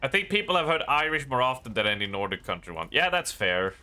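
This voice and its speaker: Bright-voiced Swedish man, rambling stream chat. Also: medium pitch, sing-song, clear, resonant tone. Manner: rambling, self-deprecating, halting restarts. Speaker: gaming streamer. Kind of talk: casual live-stream chat.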